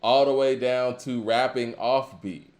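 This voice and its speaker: A man's voice: mid-range voice, steady tone, unhurried, a little mellow, roomy sound. A man co-hosting a casual talk show, musing conversationally with lots of filler phrases. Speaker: podcast co-host. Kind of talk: casual hip-hop discussion.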